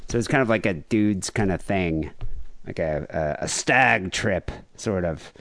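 A man's voice: low voice, animated, unhurried, vocal fry, fairly bright tone, dry recording, studio quality. A man in his thirties, hosting a casual comedy podcast, rambling and joking with laughs. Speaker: podcast host.

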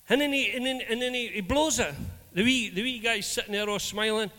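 A man's voice: extremely high pitch, brisk, few pauses, long reverb tail. A Scottish man preaching as a minister, telling stories animatedly and acting out the dialogue. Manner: animated, acts out dialogue in anecdotes. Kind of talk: storytelling sermon.

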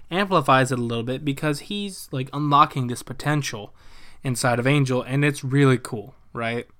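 Slipping into quick character voices, a young man with a fairly high pitch retells a movie plot in a casual, animated and profane way.

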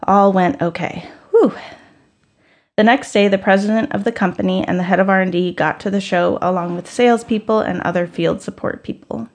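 A woman's voice: mid-range voice, steady tone, brisk, hardly any pauses. A woman in her thirties telling a personal story in a candid, conversational, self-deprecating way.

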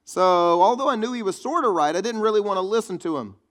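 A man preaching, keeping the tone chatty and teasing his congregation between points. His voice sits a bit higher than most men's. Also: expressive, fast, a bit bright. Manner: conversational preaching with quips to the congregation. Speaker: pastor. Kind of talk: sermon.

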